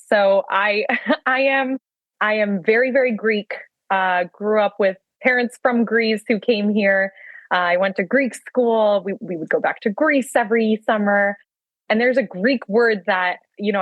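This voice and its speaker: A woman's voice: medium pitch, dry recording, narrow, tinny audio. A middle-aged woman, a guest on a podcast, chatting casually and laughing often as she talks. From United States. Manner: warm, laughs often while talking.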